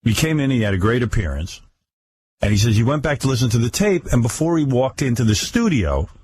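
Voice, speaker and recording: A man hosting a radio talk show, telling a story casually and mimicking others in a higher voice. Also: brisk, slightly rough, no echo. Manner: animated, acts out quotes in a higher mocking voice. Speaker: radio host.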